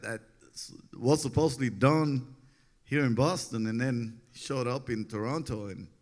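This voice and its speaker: Man in his 40s, easygoing storyteller who laughs a lot and voices other people's lines with energy. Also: mid-range voice. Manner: laughs often, animated when quoting others. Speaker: interview guest, former pitcher. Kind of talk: relaxed storytelling interview.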